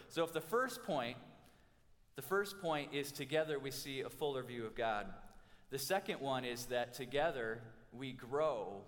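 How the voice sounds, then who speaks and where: A man in his forties, a pastor giving an animated sermon with humorous stories and quick restarts. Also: medium pitch. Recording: reverberant hall.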